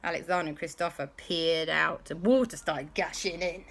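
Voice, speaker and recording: A woman telling a bedtime story in an animated way, with sound effects. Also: deep voice, moderate pace.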